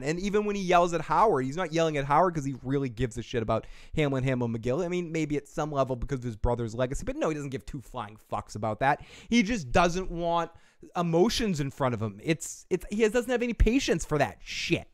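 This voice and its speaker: A man hosting a podcast review livestream, rambling and excitable, swearing casually and answering chat comments. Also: on the high side, brisk, no room sound, studio quality. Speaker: podcast host reviewing a TV episode.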